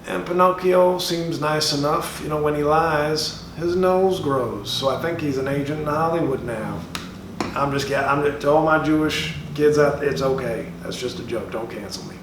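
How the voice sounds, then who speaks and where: A man with a voice on the high side, at normal speed and natural-sounding, impersonates a brash middle-aged comedian talking to schoolchildren. The mock-serious bit is drawling, profane and taunting. A distant mic gives it a roomy sound over a noisy background.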